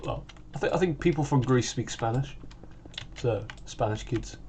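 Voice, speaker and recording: British teen lad, 16, rambling gaming chatter, faint keyboard clatter behind. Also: male voice, mid-range voice, normal speed, a little mellow, a little hiss or hum. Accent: British English. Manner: rambling, full of "like" and restarts. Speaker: gaming channel host. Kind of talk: casual chat while gaming.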